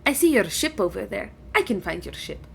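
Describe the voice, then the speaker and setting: A woman voicing an ancient female dragon who is stately, measured and gently teasing. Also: mid-range voice, very animated, creaky, husky, heavily acted.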